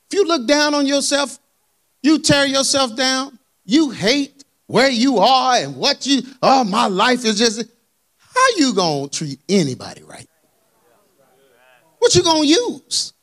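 A man preaching a sermon in a colloquial, animated way, asking the congregation for amens. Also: very high-pitched. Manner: colloquial, dropped verbs and y'all.

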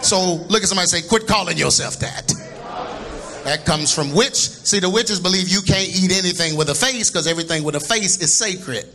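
High, bright-voiced preacher. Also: male voice, fairly quick. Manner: joking, laughing, bursts into shouts. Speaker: pastor. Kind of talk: sermon. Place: church before a congregation.

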